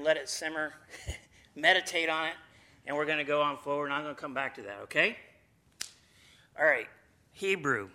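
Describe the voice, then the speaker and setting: A man leads a casual Bible teaching in a bright, slightly high voice. He talks in a folksy, chatty way and drops playful asides to the group as he goes. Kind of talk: informal sermon to a group.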